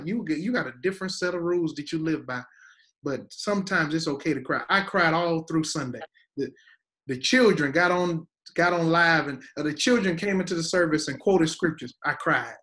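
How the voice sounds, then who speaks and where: A man's voice: fairly high pitch, bright, forceful tone. A man, a guest pastor, teaching in a preaching style, emphatic and repeating words for weight.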